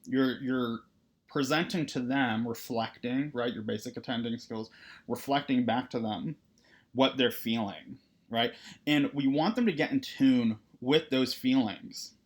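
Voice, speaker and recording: Therapist lecturing counseling students, medium-pitched male voice, relaxed and conversational, peppers his talk with "right?". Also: a little slow. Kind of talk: recorded lecture.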